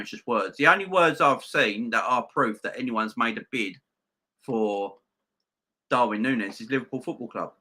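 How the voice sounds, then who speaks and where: A man's voice: medium pitch, bright, forceful tone. A man hosting a football fan live stream, reading viewer comments. He talks emphatically, repeats his points and calls his viewers "guys". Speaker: host of a football fan channel.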